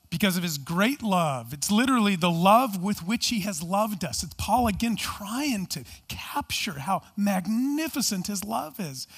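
A male pastor with a high-pitched, slightly bright voice and a breathy edge preaches a sermon earnestly and emphatically, relying on rhetorical questions. At times he moves into a teaching tone to explain the text.

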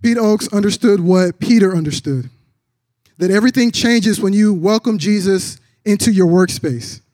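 A man preaching a sermon, telling a story with drops into a low, soft voice for quoted lines. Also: moderate pace, dry recording, clean studio sound. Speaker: pastor.

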